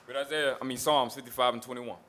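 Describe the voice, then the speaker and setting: A man's voice: mid-range voice, fairly even intonation, quick pace, pushed and bright. A man preaching a sermon that mixes scripture with street talk, emphatic and repetitive, with mocking asides.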